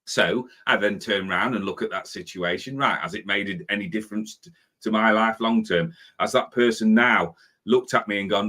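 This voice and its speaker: Animated man in his fifties. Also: lowish voice, moderate pace. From Britain. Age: 50s. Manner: animated, acts out his own impatient inner voice. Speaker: spiritual life coach host. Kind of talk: motivational talk.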